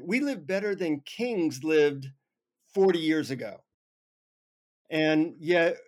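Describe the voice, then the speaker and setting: A man on an interview show telling a funny personal story with lively, self-mocking humor. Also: on the high side. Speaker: guest. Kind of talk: anecdotal storytelling.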